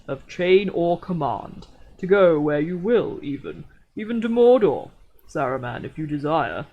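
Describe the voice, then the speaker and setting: Gandalf, a woman doing a stern deep old wizard. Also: heavily acted, rough recording. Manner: stern, commanding.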